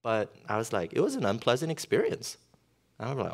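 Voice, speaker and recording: A man's voice: lowish voice, sing-song, fairly quick, a bit bright. A middle-aged male pastor preaching a sermon in a conversational way, with lots of fillers and storytelling.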